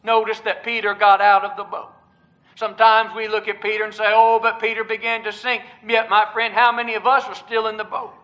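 A man preaching a sermon in an earnest style, swinging between loud emphasis and hushed, quiet passages. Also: high-pitched, monotone, brisk, dull audio.

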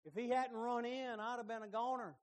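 A middle-aged man preaching a sermon, telling the story with lively emphasis and folksy asides. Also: very high-pitched, fairly quick.

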